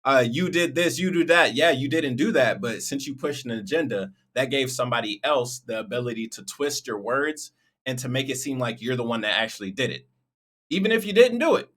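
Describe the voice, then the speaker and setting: A man with a bright, forward voice talks through a reaction video in a loose, chatty way. He addresses his viewers casually and directly. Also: mid-range voice, animated, a little fast.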